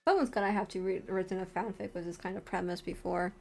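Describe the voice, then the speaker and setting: A woman's voice: mid-range voice, fairly even intonation, quick pace, vocal fry, a little mellow, soft background music. A young woman streaming a visual novel, reacting in a flustered, joking way with bursts of laughter. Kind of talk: live-streamed game reactions.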